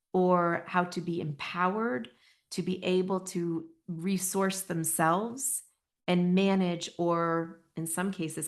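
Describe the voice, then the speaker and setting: A middle-aged woman hosting a podcast, talking in a gentle, earnest way with frequent restarts. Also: lowish voice. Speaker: podcast host, intuition teacher. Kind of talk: podcast talk.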